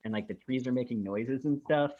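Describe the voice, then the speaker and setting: A man's voice: mid-range voice, fairly quick, narrow, tinny audio. A man co-hosting a podcast, chatting casually and retelling scenes in a rambling, profane way full of fillers. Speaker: podcast co-host. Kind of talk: casual chat.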